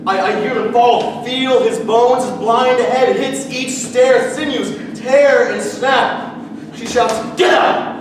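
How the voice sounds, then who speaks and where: A man's voice: extremely high pitch, fairly even intonation, slow pace. A young actor playing a grown son who relives his drunken, violent childhood home in an intense stage monologue. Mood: haunted. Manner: grim, intense monologue delivery. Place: theatre stage. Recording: echoey hall, distant mic, audible noise.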